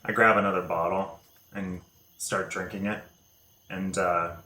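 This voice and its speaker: Deep-voiced man at the game table, easygoing, roomy sound. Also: level tone, unhurried, sharp tone, a little hiss or hum. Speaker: player. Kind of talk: casual tabletop play. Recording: echoey room.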